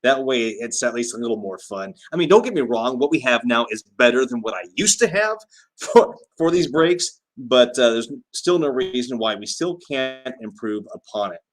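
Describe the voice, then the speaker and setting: A man with a medium-pitched, lively voice chats at normal speed on a casual livestream. He reads out viewer comments, laughing often and using plenty of fillers.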